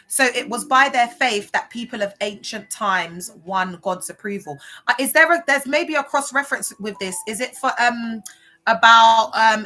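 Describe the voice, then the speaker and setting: A woman's voice: fairly high pitch, bright, forceful tone, rough recording. A woman chatting on a livestream, rambling and emotional, with many fillers. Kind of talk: casual livestream chat.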